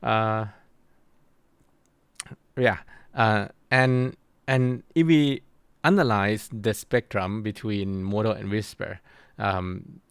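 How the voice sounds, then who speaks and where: A man lectures in a low, gravelly voice, taking his time and stopping often to find the next word. The sound is close and dry, with no room around it. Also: steady tone, no echo. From Thailand. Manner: slow, halting explanation with frequent pauses to search for words. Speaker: university lecturer. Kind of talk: recorded course lecture.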